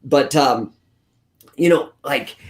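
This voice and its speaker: A man's voice: medium pitch, takes it slowly. A man in his forties, a guest telling blunt, profanity-laced stories in a casual interview. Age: 40s. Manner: profane, blunt, animated storyteller. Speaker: guest, grappling coach. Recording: roomy echo.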